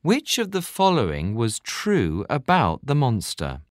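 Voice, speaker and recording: A voice slowly reading out test questions for a listening exercise. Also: medium pitch, huge pitch swings. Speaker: quiz reader.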